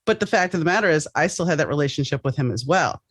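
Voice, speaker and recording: A woman hosting a podcast, chatting casually in a rambling, animated way with many restarts. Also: low voice, fast, no echo. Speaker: podcast host. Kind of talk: casual interview chat.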